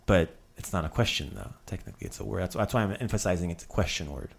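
A man's voice: deep voice, quick pace, gravelly, slight background noise. A middle-aged man hosting a casual podcast lesson, joking and repeating words for practice. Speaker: language teacher and host.

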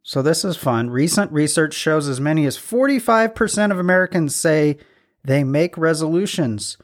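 A man's voice: fairly high pitch, animated, normal speed. A man co-hosting a podcast in casual chat, reading out trivia with self-deprecating jokes. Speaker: podcast co-host.

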